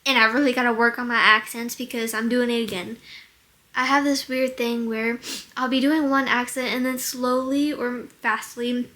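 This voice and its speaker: A woman's voice: on the high side, level tone, normal speed, sharp tone. A teenage girl chatting casually at home on a handheld camera, hesitant, with lots of ums, trying out silly accents. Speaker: daughter of the vlogger. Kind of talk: casual chat.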